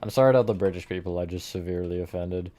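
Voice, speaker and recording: A man with a deep, dark-toned voice talks very fast while building on a live stream. He chats casually with viewers, answers chat in the middle of tasks, and laughs at his own slips in a self-mocking way.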